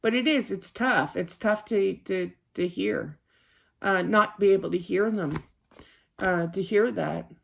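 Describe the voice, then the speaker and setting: Woman doing a psychic card reading at her desk at home, middle-pitched voice, rambly and chatty with lots of ums. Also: a little slow, gravelly, a bit bright. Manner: rambling and chatty, with many fillers and restarts. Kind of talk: casual spiritual reading to camera.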